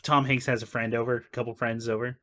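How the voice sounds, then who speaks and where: Male podcast co-host, bright tone, laughs and swears through relaxed movie chat. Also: mid-range voice, quick pace. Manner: laughing, profane storyteller. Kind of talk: casual movie-review chat.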